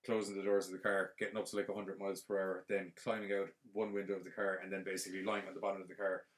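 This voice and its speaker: A man, hosting a podcast and retelling a film plot in a casual, rambling, animated way full of fillers. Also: deep voice, racing. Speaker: podcast host.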